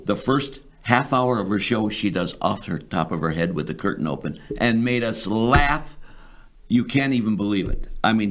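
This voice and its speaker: An older man, a musician, recalls old shows in a rambling, halting way full of restarts. His voice sits fairly low. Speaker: guest, musician. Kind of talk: reminiscing chat.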